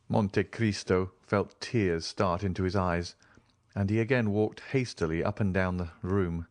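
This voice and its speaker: A man narrating a classic novel as an audiobook, reading in an expressive, measured literary style. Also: deep voice, no echo. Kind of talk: scripted narration.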